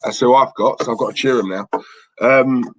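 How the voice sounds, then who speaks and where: A man's voice: mid-range voice, moderate pace, no echo, low-quality recording. A young man with a London accent hosting a football watchalong stream, chatting casually and rambling while reading out chat messages. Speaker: watchalong host.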